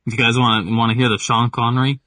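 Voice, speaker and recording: An eager man from California, talking quickly and piling on agreement. The sound is dry, and he sits a little back from the mic. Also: mid-range voice, little pitch movement, bright, forceful tone, dry recording, recorded from a distance. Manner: eager, quick, says yeah a lot. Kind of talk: casual chat.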